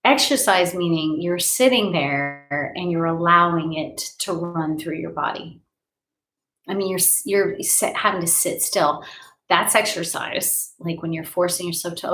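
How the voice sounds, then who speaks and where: A woman's voice: lowish voice, unhurried, fairly bright tone, low-quality recording. A woman healer and life coach leading a live healing session from her home, guiding breaths, sighs and affirmations in a soothing way.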